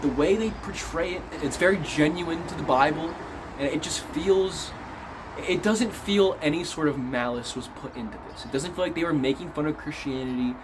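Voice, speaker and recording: A man giving a casual, animated film review, swearing freely as he retells scenes. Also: fairly high pitch, moderate pace, background noise. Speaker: movie reviewer.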